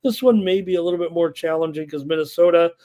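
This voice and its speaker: Male betting show host, fairly high voice, live stat readout, lots of uhs. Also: fast talker, warm tone. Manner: rattles off numbers and lineups, many filler uhs. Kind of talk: live betting analysis, reading stats and chat.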